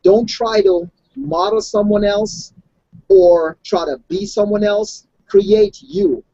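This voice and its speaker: A man's voice: sits high, takes it slowly, vocal fry, dry recording, muffled recording. A man who grew up outside the United States, a health coach, telling stories in a casual online discussion with lots of restarts. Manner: animated storytelling with restarts.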